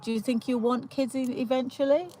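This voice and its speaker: A young woman from the UK chats and giggles through a casual livestream greeting, full of fillers and restarts. Her voice is high and warm, steady in tone and a little fast. The poor audio has a little hiss or hum.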